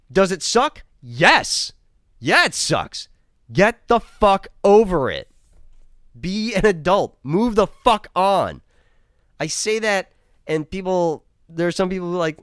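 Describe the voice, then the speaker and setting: Man, profane exasperated reviewer, animated delivery. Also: sits high, takes it slowly, dry recording, clean studio sound. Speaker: show reviewer. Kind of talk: casual review rant.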